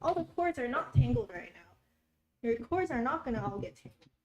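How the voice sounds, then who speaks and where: High-pitched with lively intonation, she talks at a normal speed while cooking in her home kitchen for a casual YouTube vlog. The young woman is chatty and a bit flustered, giggling through each step, and the recording has roomy kitchen echo and faint noise.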